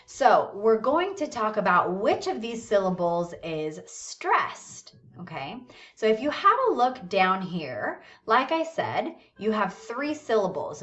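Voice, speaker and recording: A woman teacher explains things unhurriedly and patiently, often checking that her listeners follow along. Her voice moves up and down with a lively, animated pitch. The recording sounds slightly dull and low-fidelity. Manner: slows down to model pronunciation of words. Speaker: English teacher. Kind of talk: recorded classroom lesson.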